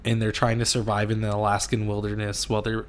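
A man hosting a casual movie podcast, talking with frequent fillers and quick laughs. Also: lowish voice, monotone, a little hiss or hum. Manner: laughs often, hesitant fillers.

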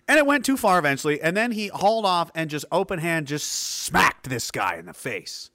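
Animated, profane man rambling through a story. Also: a little high, fairly quick, few pauses, dry recording, clean studio sound. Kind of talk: casual storytelling to a live chat.

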